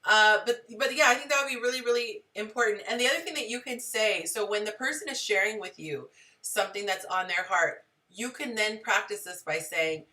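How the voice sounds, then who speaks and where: A woman's voice: medium pitch, fairly quick, sharp tone, far from the mic. A woman hosting a live relationship advice stream, talking conversationally and greeting viewers in the chat.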